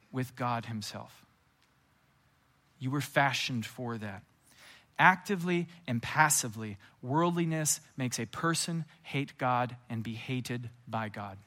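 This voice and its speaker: Bright-voiced man preaching an animated sermon. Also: medium pitch, slow pace. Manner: lively storytelling with casual asides, acting out scenes. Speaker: pastor.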